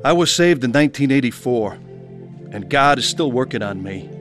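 A man's voice: medium pitch, animated, normal speed, fairly bright tone, soft background music. Earnest man narrating his testimony. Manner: earnest, pleading. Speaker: narrator telling his own conversion story.

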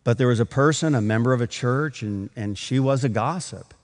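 A man's voice: medium pitch, brisk, in a large hall. A man preaching a sermon, telling a story with acted quotes and building to emphatic points. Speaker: pastor.

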